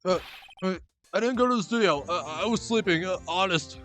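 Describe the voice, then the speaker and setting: A man's voice: sits high, a little fast, fairly bright tone, soft background music. A man voicing a nervous, stammering male defendant in a video game.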